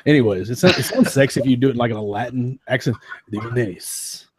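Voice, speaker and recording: A man with a slightly rough, medium-pitched voice races through his words in a dry recording. He was a teen in the late '90s and now co-hosts a podcast, chatting casually and with animated enthusiasm about old consoles while saying "man" and "dude."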